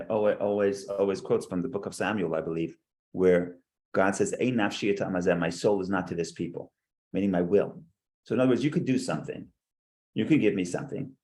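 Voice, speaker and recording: A man's voice: lowish voice, a little fast, a little mellow. Male teacher, text study lecture, reads verses then explains, repeats words mid-thought. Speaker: Torah class teacher.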